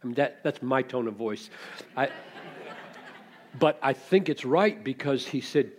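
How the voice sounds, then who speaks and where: A man's voice: medium pitch, animated, a little slow, slight background noise. A man preaching an expository sermon, teaching reflectively and posing rhetorical questions to his listeners.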